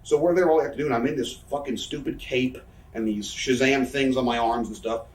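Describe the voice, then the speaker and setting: Fast-talking man, roomy far-off sound. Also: mid-range voice. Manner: rambling, profane, self-mocking anecdotes. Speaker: interviewee, professional wrestler. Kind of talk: casual storytelling interview. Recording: roomy room, mic set far off.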